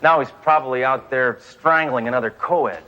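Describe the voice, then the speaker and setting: A man's voice: medium pitch, normal speed, highs cut off, close to an everyday voice. An actor playing a brash, boastful male police detective with a blunt, smug manner. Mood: frantic. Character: brash trigger-happy male cop, smug.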